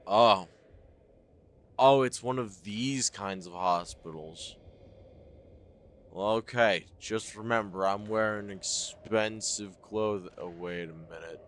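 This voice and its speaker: Guy cursing and joking thru a horror game playthrough, bright sharp voice. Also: lowish voice, takes it slowly, slight background noise. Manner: joking, profane, talks to viewers. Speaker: let's play host. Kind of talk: casual gameplay commentary.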